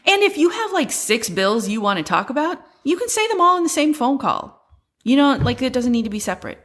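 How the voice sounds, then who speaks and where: A woman's voice: high voice, very animated, brisk, fairly bright tone. A woman co-hosting a podcast, explaining a simple process step by step in a plain, practical way. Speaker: podcast co-host. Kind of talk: casual chat.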